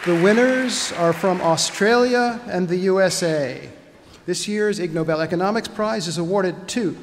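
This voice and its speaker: A man announcing award winners at a ceremony in a slow, deliberate, formal manner. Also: high-pitched. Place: large auditorium stage. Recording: echoey hall with background noise.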